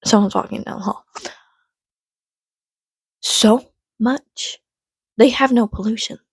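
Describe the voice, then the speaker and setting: A woman ranting on her vlog from home, rambling and swearing, swinging from low mutters to loud, exasperated outbursts. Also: slow pace, creaky, breathy edge, no room sound. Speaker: vlogger.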